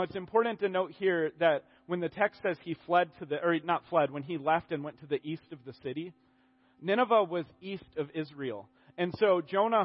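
Guy giving a chatty sermon, kinda high voice, restarts a lot, dull lo-fi audio. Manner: conversational, animated, with many restarts. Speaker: preacher.

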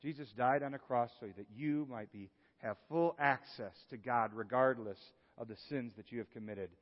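A male pastor preaching a sermon, moving from hushed, earnest passages to lively exclamations. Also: mid-range voice, normal speed. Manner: animated, swings from hushed to exclaiming. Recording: dull sound with long hall reverb.

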